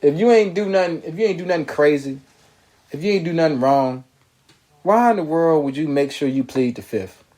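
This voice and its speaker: Slightly high-voiced man hosting a live talk show. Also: lively intonation, a little fast, dark tone. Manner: loose and conversational, repeats phrases, reads viewer comments aloud. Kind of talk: casual live-stream commentary.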